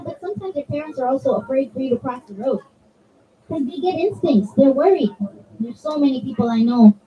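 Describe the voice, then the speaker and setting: A woman giving a conversational religious talk at a children's gathering, chatting with the kids and asking them questions. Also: high-pitched. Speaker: zakira addressing a children's majlis. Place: community center hall. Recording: distant, dull mic with faint room ambience.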